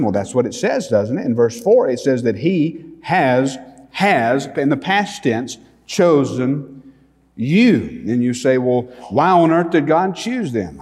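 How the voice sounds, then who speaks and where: Man, pastor, sermon, very slow, emphatic pauses, swelling volume, long hall reverb. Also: medium pitch, a little mellow.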